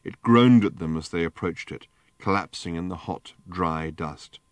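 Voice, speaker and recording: A man reading an audiobook in measured, deadpan narration. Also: sits low, no echo. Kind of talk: scripted narration.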